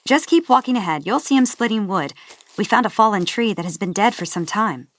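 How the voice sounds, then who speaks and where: A woman's voice: medium pitch, expressive, fairly quick, close to an everyday voice. A woman playing a cheeky young male rebel. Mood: teasing. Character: playful blindfolded young man, cheeky rebel.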